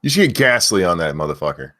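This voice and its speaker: A man hosting a casual livestream who loudly yells out viewers' names, then drops back into loose, swearing chatter. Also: low voice, sing-song, quick pace. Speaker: livestream host.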